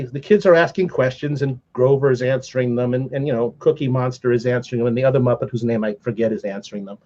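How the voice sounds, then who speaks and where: Older man telling a lively convention story. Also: a little high. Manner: animated anecdotal telling with laughs. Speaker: podcast guest. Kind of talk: casual storytelling. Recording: slightly dull lo-fi sound.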